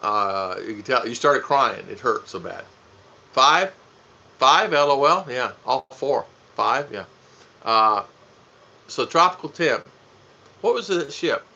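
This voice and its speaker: A man's voice: mid-range voice, animated, takes it slowly, creaky, pauses often, sharp tone. A man co-hosting a casual live stream, joking with his wife and greeting viewers by name. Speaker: vlog co-host. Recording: dull lo-fi sound.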